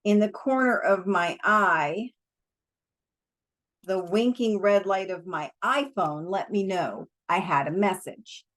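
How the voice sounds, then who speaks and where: A woman reading a novel aloud for an online audience, with relaxed, chatty asides. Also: mid-range voice, takes it slowly. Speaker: storybook reader.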